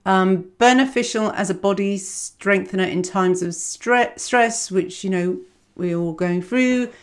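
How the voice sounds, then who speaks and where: A woman's voice: mid-range voice, a little slow. Woman, astrologer, casual digressive delivery, self-deprecating. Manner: rambling, digressive, self-mocking, laughs often. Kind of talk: casual chatty astrology reading.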